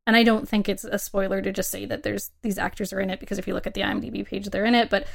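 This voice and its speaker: A woman's voice: mid-range voice, little pitch movement, very fast, creaky. A young adult woman co-hosting a casual film podcast, chatty and emphatic, laughing often. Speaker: podcast co-host.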